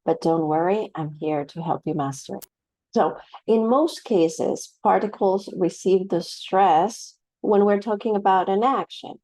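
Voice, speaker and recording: A woman's voice: mid-range voice, a little slow, dark tone, no echo, rough recording. A woman teaching a pronunciation lesson to camera, explaining patiently and often checking in with "right?". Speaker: English teacher.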